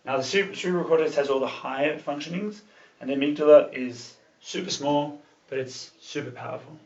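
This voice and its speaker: A man's voice: on the high side, fairly even intonation, a little fast, vocal fry, a little mellow. A man talks casually to a small group, in a loose, chatty way full of fillers. He sits far from the mic in an echoey room, and the recording sounds dull. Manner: loose and chatty, with many fillers and the odd swear. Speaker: club talk presenter.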